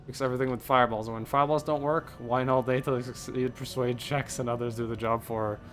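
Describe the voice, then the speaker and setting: A man's voice: mid-range voice, fairly even intonation, fast, a bit bright, faint music behind. A man casually commenting on a fantasy role-playing game as he plays, with wry, sarcastic jokes. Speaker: let's play host.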